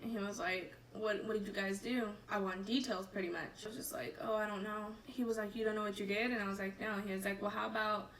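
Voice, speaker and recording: A woman telling a painful personal story to camera in a candid, halting and emotional way. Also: mid-range voice, steady tone, fairly bright tone, recorded from a distance, a little hiss or hum, rough recording.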